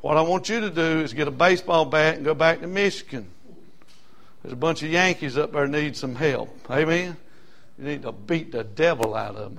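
A man from South Carolina with a Southern accent, preaching a sermon in rhythmic bursts with call-and-response amens, swinging from loud shouts to quiet asides. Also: a little high, normal speed, vocal fry. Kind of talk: fiery sermon.

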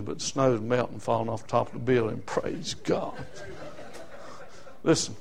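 A male pastor preaching a sermon, shifting from hushed storytelling to shouted exhortation. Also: mid-range voice, gravelly.

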